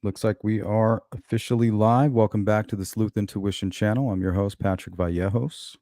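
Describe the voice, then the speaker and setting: Low, mellow man hosting a livestream. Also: steady tone, normal speed, no room sound, studio quality. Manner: musing, speculative, greets chat viewers. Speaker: host of a true-crime livestream. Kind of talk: casual live commentary.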